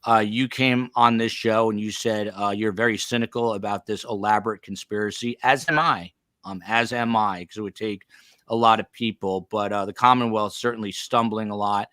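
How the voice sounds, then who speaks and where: A man's voice: fairly low pitch, fairly even intonation, moderate pace, sharp tone, no echo, studio quality. A middle-aged man from the Northeast United States hosting a podcast, chatty and feisty, full of rambling asides. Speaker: podcast host. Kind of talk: casual podcast chat.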